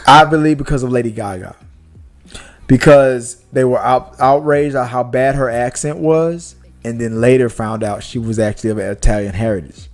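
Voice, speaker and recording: Soft background music plays as a young man hosts a podcast in a mid-range voice at a moderate pace. He rambles casually and animatedly, restarting thoughts and dropping profanity.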